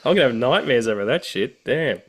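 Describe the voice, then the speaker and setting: A man as a podcast guest, making wry quick remarks in casual chat. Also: medium pitch, animated, slight background noise.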